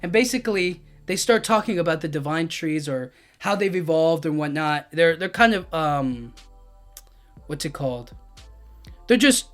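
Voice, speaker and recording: A man's voice: a little high, a bit bright. A man recapping a manga chapter in a loose, casual way, filling his talk with "like" and "you know what I mean", with faint music behind. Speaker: anime and manga reviewer.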